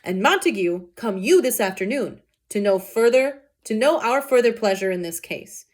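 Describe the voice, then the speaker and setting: A woman reading the lines of an angry male prince in a loud, slow, proclaiming way. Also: fairly high pitch, expressive. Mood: stern. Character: stern commanding male prince, furious ruler.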